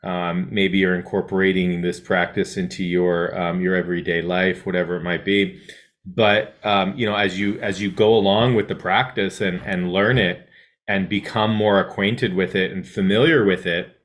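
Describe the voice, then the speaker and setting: A man with a somewhat low voice leads a mindfulness class in a loose, conversational way. He wanders through his points with restarts and frequent "right?" check-ins. When he guides the breath, his voice sinks to a soft hush. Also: fairly even intonation, normal speed. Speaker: mindfulness teacher. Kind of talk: casual mindfulness talk to a class.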